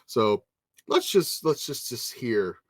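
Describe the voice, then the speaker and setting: A man's voice: mid-range voice, sing-song, slow, no room sound. A podcast host, a married man with kids, chatting casually and cursing freely while telling a story. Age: adult with children. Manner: profane, storytelling. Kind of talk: casual chat.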